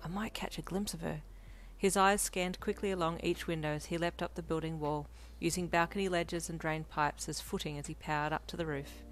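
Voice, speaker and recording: A woman narrating her own fanfiction in a steady, gentle storytelling voice. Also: low-pitched, brisk, few pauses. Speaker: fanfiction reader. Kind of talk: scripted narration.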